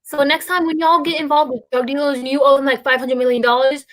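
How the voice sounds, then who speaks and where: High-voiced woman chatting casually. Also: steady tone, quick pace. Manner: rambling, many fillers and restarts. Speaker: podcast host. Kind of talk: casual chat about musicals.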